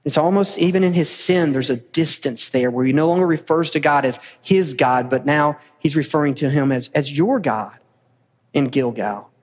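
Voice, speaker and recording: A pastor preaching a sermon in a pointed, challenging way, with rhetorical questions and casual asides. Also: male voice, on the high side, normal speed, long reverb tail. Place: church sanctuary.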